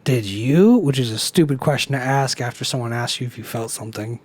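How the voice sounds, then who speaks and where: A man's voice: medium pitch, fairly quick, a little mellow. A young man co-hosting a casual podcast, telling a rambling story, swearing freely and acting out the people he quotes. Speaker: podcast co-host. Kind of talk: casual chat.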